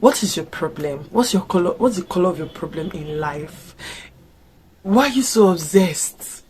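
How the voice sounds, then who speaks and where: Expressive Nigerian woman vlogging reactions. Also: lowish voice, normal speed. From Africa. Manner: expressive, fires off rhetorical questions. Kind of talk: casual reaction commentary.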